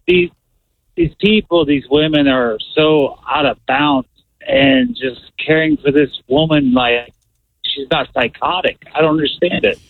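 Stammering man on a tinny phone line. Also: fairly high pitch. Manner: agitated, stammering. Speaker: caller.

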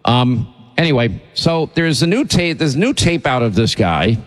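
A man's voice: mid-range voice, very animated, unhurried. Male talk radio host, indignant and emphatic, voice carries a lingering reverb.

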